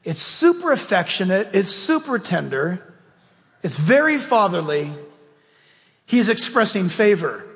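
A man's voice: sits high, very animated, measured pace, fairly bright tone. A man pastor preaching a sermon in a church, emphatic and conversational with folksy asides. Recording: long reverb of a large hall.

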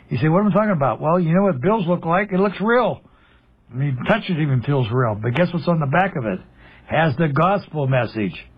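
In a lo-fi recording, a man preaches on the radio with emphasis, asking his listeners questions and then supplying the answers. His voice is fairly high and slightly rough.

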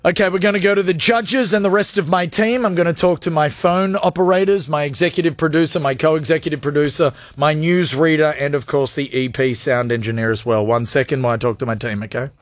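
A man's voice: a little high, steady tone, a little fast, few pauses, no echo. A man in his forties with an Australian accent, hosting a live radio show with brash, joking, self-mocking banter. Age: 40s. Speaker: radio host.

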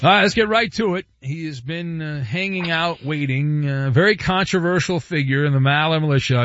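A man hosting a talk radio show, brisk and wisecracking. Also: a little high, a bit bright, dull audio, slight background noise. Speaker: radio host.

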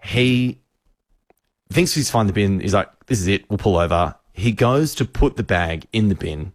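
A man hosting a radio show, telling an animated anecdote. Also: fairly low pitch, moderate pace, no room sound, studio quality. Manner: animated storyteller.

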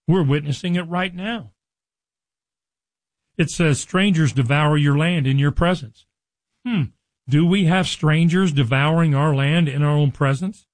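A man preaching a sermon, reading scripture slowly and explaining it in an earnest, conversational way to his listeners. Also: a little high, no echo, poor audio. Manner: addresses listeners directly.

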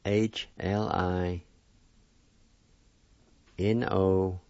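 A man teaching a language lesson on a dull lo-fi recording, sounding out each syllable slowly and deliberately. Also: low voice, little pitch movement, darkish tone, dry recording. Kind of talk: spelling and pronunciation lesson.

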